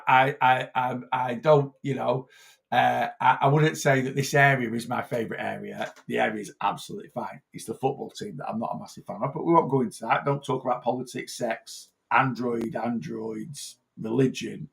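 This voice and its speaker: A man with a gravelly edge to his mid-pitched voice, chatting casually as a personal trainer. He rambles, trips over his own starts and repeats phrases as he goes. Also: a bit bright. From north-west England. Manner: rambling, repeats and restarts himself. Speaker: personal trainer and weight-loss coach.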